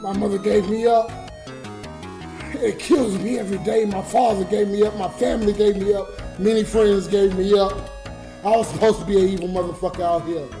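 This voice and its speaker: A man's voice: high-pitched, little pitch movement, fairly quick, mellow. A drunk man livestreaming as a comedian, talking to his viewers in a raw, emotional rant. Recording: roomy echo with music behind.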